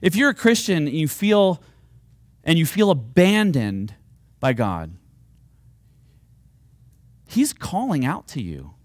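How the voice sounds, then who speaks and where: A man's voice: high-pitched, no room sound. A man preaching a sermon, earnest and at times rising to fervent, pleading appeals. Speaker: pastor.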